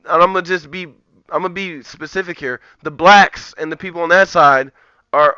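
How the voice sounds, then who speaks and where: A man's voice: on the high side, moderate pace, pushed and bright, clear, resonant tone, no echo, muffled recording. A man streaming live, ranting profanely and rambling in a heated, casual way. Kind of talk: live-stream commentary rant.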